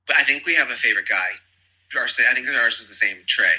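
A man's voice: mid-range voice, fast, pushed and bright, breathy edge, rough recording. A man chatting casually as a podcast guest, rambling and gossipy with lots of fillers. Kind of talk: casual chat.

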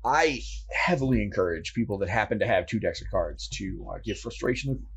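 A man co-hosting a family board game podcast, chatting casually with rambling, animated asides. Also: on the low side, a little fast, slight background noise. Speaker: podcast co-host. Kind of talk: casual chat.

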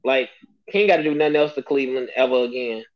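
A man's voice: medium pitch, fast, dull audio. A man co-hosting a podcast in casual chat, stumbling over restarts to make his point. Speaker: podcast co-host.

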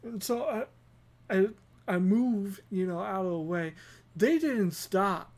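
A woman's voice: medium pitch, expressive, takes it slowly, a little mellow. Giggly rambling woman podcast host. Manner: giggly, rambling, self-mocking. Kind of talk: rambling comedic storytelling.

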